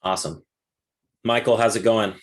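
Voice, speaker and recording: A man hosting a casual webinar over a video call, answering questions in a relaxed, encouraging way with lots of "like" fillers. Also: lowish voice, moderate pace. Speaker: webinar host and course instructor. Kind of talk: casual Q&A chat.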